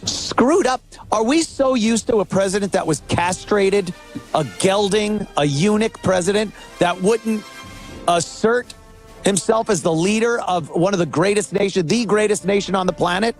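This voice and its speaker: A man guest-hosting a talk-radio show, giving a sarcastic, animated opinion monologue. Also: high voice, moderate pace, faint music behind.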